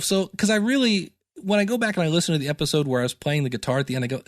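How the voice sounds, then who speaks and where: A man's voice: a little high, fast talker, no room sound, studio quality. A middle-aged man teaching podcasting in a chatty, self-deprecating solo talk with goofy asides.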